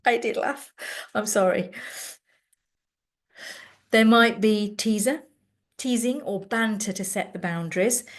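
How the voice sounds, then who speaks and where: A woman, a speech therapist explaining with lively storytelling. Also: medium pitch. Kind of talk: explaining with acted classroom examples.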